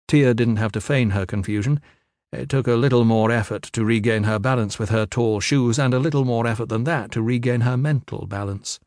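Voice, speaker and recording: With a fairly low voice, a man reads a scripted audiobook at a steady, deliberate storytelling pace. The studio sound is clean, with no room sound at all.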